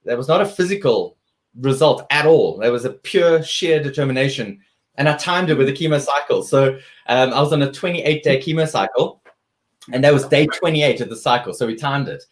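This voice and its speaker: A man's voice: medium pitch, expressive, brisk. A man, a guest athlete telling his story earnestly in an interview, often restarting his sentences.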